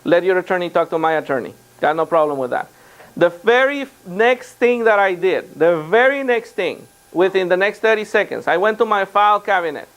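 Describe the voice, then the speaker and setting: A man's voice: sits high, brisk, smooth. A man, a real estate trainer, telling anecdotes to a live seminar audience and acting out what others said. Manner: animated anecdotes with quoted dialogue. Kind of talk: storytelling seminar talk.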